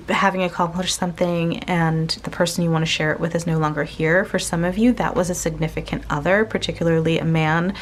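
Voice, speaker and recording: A woman giving a casual spoken tarot reading to her viewers, gentle and searching, pausing often and restarting her sentences. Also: lowish voice, slight background noise. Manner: slow, gentle, searching, with many pauses and restarts. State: tearful, emotional. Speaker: tarot reader.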